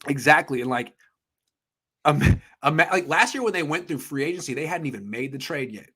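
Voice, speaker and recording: A man co-hosting a sports talk show, ranting in an emphatic, heated way and swearing as he gets excited. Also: fairly quick, breathy edge. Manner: ranting, emphatic, swears, pitch jumps when worked up. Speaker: podcast co-host.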